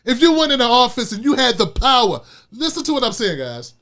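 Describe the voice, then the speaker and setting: Male commentary host, high voice, animated, casual, repeats his points. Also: brisk. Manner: animated, repetitive, street-casual. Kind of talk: political commentary show.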